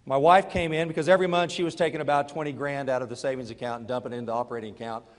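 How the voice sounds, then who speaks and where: A middle-aged man giving a motivational talk to a live audience, telling a personal story and moving between quiet confession and loud urging. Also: mid-range voice, fairly even intonation, rapid-fire, in a large hall. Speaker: network marketing speaker.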